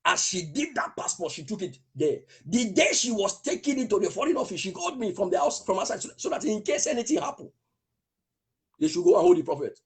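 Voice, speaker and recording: Fervent preacher man, high lively voice. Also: brisk, husky. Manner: fervent, declaring, with spells of speaking in tongues. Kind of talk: prophetic sermon with testimony.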